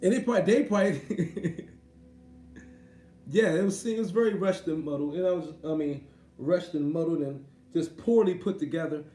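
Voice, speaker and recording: High mellow guy ranting n cussing, rambly, roomy echo. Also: moderate pace, soft background music. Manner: animated, profane, rambling. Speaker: commentator. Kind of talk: casual profane rant. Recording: echoey room with faint noise.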